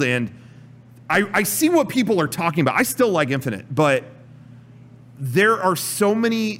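A man co-hosting a casual podcast chat about video games, animated and prone to acting out gameplay. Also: on the high side. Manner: animated, acts out gameplay with loud exclamations. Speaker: podcast co-host.

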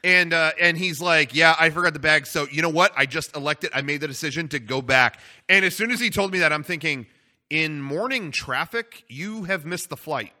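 A man co-hosting a podcast, telling a story in an excitable, laughing and disbelieving way. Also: a little high, normal speed. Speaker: podcast co-host. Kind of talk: casual storytelling.

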